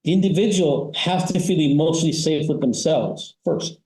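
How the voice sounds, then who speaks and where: A man's voice: fairly high pitch, normal speed, a little mellow, reverberant, rough recording. A man advising on family business, explaining ideas in a conversational interview and telling stories with frequent "you know" and "right?" tags.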